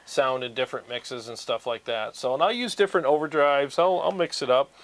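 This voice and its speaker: A man hosting a guitar gear livestream, chatting in a relaxed and rambling way with many fillers. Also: mid-range voice, a little fast. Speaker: guitar gear channel host. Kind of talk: casual livestream chat.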